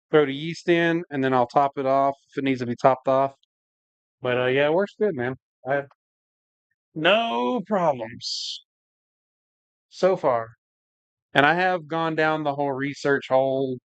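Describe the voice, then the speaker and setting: Casually hosting a home brewing livestream, a man of medium pitch with a clean tone rambles on, peppering his talk with "like" and "man" while working and reading the chat. The recording is dry and muffled.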